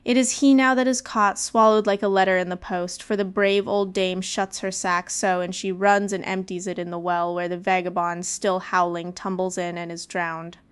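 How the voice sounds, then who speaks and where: Female storybook narrator; lively, with a smooth, resonant voice. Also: fairly low pitch, moderate pace, few pauses. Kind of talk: storybook reading.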